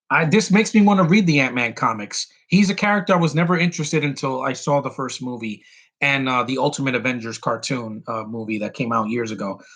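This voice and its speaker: A man hosting a casual solo film podcast, rambling excitedly with many restarts and quick bits of mimicry. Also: fairly high pitch. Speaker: podcast host reviewing a film.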